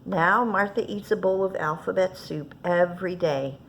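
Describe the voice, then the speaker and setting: A woman children's librarian reading picture books aloud at story time in a gentle, expressive way. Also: on the low side, normal speed, a little hiss or hum.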